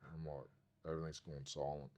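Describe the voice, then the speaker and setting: Talking fast, a very deep-voiced Australian man appears as a podcast guest and spins a casual yarn like he's chatting with a mate. His storytelling is rambling and animated, wandering and looping back, with swearing almost constantly.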